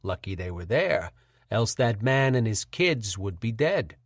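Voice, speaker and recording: A man voicing a scheming middle-aged senator with a smooth New England accent and a patronizing manner. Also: fairly low pitch, big pitch swings, measured pace, dry recording, studio quality. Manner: smooth, patronizing, slyly mocking.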